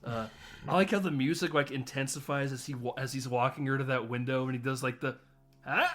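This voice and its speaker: This podcast host, mid-range in voice and quick in pace, runs through a movie casually. Animated and laughing, he regularly slips into the voices of the film's characters to act out their lines.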